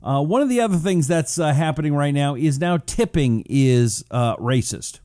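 A male talk host with a warm, mellow tone chats in a loose, rambling way, full of "uh" fillers. His pitch swings widely as he stretches words out for effect. The recording is close and dry. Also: expressive, normal speed, no room sound. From Washington State, US. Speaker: radio talk show host. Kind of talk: casual talk show monologue, reading out audience messages.

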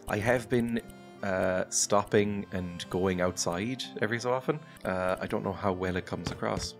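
Male streamer, low-pitched, rambling and self-mocking, game music clearly behind him. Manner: rambling, self-deprecating, chatty with frequent laughs. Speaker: gaming channel host. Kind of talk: casual let's-play commentary. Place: home streaming setup. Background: game music playing clearly.

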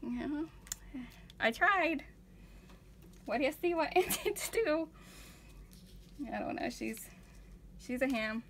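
Woman chatting while she paints, rambling story w lots of um's, slightly high voice, faint hum behind. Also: expressive, slow pace, long pauses, a bit bright. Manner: chatty storytelling, many fillers and restarts. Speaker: vlogger, art journaler. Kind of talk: casual chat while painting.

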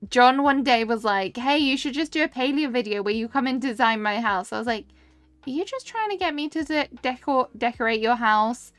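Young woman, game streamer, casual and giggly, slightly high voice. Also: fairly quick, fairly bright tone, dry recording. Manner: chatty, reads and answers chat, giggly. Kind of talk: casual live-stream chat while playing.

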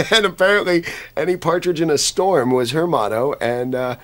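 A man's voice: fairly high pitch, normal speed, fairly bright tone. A man telling a comic anecdote with a wry, joking delivery. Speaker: actor recalling his past.

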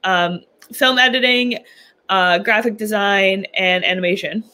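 A woman's voice: mid-range voice, fairly even intonation, a little slow, pushed and bright. A young woman from New York, a podcast guest chatting casually with many ums and likes, laughing often. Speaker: podcast guest, political commentator. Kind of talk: casual interview chat.

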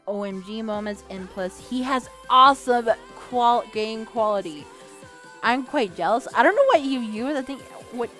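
A woman's voice: on the high side, a bit bright. A young woman hosting a gaming channel vlog, chatting casually in a rambling way with lots of fillers, restarts and the odd swear word. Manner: rambling and chatty, with many fillers and self-corrections.

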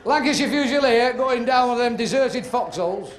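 High lively stand-up comic man. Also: normal speed. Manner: punchy joke-telling with quoted voices. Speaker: stand-up comedian. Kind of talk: live stand-up comedy. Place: comedy club stage. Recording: echoey club with crowd laughter and noise.

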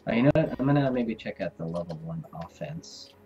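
A man's voice: on the low side, animated, a little fast, mellow, highs cut off, soft background music. A man playing a video game with a friend, chatting casually and teasing with frequent laughs. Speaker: guest co-player. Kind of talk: casual gaming chat.

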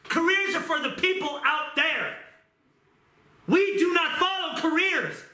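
A middle-aged male pastor preaching an impassioned sermon, moving from quiet talk to shouting. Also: very high voice, a little slow. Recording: roomy echo.

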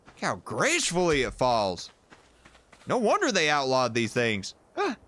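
A man giving jokey, animated commentary while playing a survival game and talking to the creatures in it. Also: mid-range voice, unhurried. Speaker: gaming YouTuber. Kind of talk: playthrough commentary.

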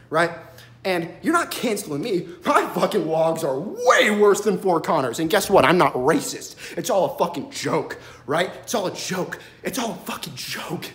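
A man doing a loud, profane comedic rant into a phone on a selfie stick, swearing and laughing as he stammers through his points. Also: high-pitched, reverberant. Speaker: vlogger.

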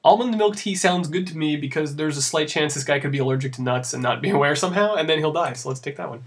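This young man talks fast in a fairly high voice, giving sarcastic, rambling gameplay commentary as a let's play host on a visual novel, laughing at it as he goes.

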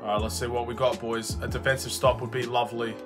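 Talking fast over music, the young Australian gaming YouTuber gives live commentary on his basketball video game. He gets excitable, shifting between low mutters and frustrated shouts.

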